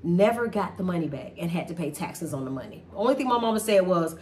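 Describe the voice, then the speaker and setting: Middle-aged woman, emphatic and animated, casual heartfelt talk, faint room noise. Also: on the low side, quick pace, few pauses. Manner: animated, emphatic, repeats herself for stress. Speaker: host talking about a family conflict. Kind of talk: emotional casual chat.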